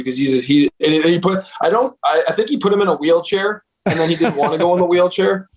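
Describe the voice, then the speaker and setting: A man's voice: fairly high pitch, brisk, hardly any pauses, poor audio. A young man, a booking agent, casually telling road stories, profane and laid-back, laughing along. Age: young adult. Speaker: guest, concert booking agent. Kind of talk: casual storytelling.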